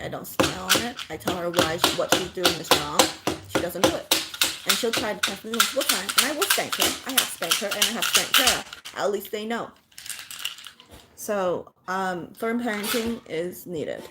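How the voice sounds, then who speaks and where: A woman's voice: fairly low pitch, moderate pace, heavy background noise. A woman speaking as a mother, giving blunt parenting advice in casual chat with viewers and swearing freely.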